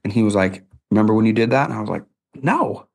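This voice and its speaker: A man's voice: on the low side, steady tone, racing, creaky, darkish tone. A middle-aged man, hosting a podcast interview and telling stories in a folksy, conversational way. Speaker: podcast host.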